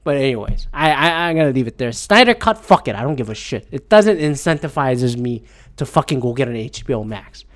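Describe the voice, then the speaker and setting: A man hosting his own podcast and venting with plenty of swearing. His pitch leaps up and down in a lively, exasperated rant, and he sounds a little teary and keeps gulping. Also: a little fast. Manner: profane, exasperated ranting. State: teary and gulping after a swab test. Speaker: podcast host.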